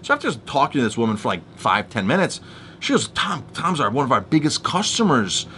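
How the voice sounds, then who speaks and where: A man vents in an animated, casual monologue, his voice bright and ringing. His pitch swings widely as he restarts and acts out past arguments. A faint rumble sits underneath. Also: a little fast. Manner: animated storytelling, restarts, acts out quoted exchanges.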